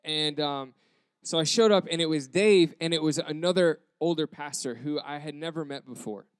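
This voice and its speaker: A young American man, a pastor, telling a story in a sermon with animated acted quotes. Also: on the high side, moderate pace, clean tone, dry recording. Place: church campus.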